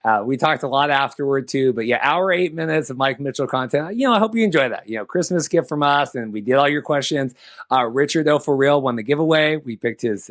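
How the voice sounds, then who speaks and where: A man hosting a podcast, chatting casually, excitable and rambling with lots of restarts. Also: mid-range voice. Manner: excitable, rambling, repeats himself. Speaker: podcast host.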